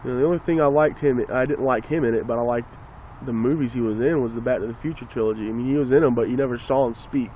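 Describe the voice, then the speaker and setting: A man's voice: medium pitch, quick pace, mellow, a little hiss or hum. A man ranting casually and sarcastically into a phone, rambling and swearing as he talks. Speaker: vlogger.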